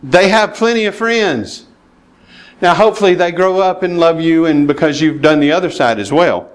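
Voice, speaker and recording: A man's voice: fairly high pitch, moderate pace. A man preaching a sermon, plainspoken and emphatic, with chuckles and asides to the congregation. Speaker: pastor.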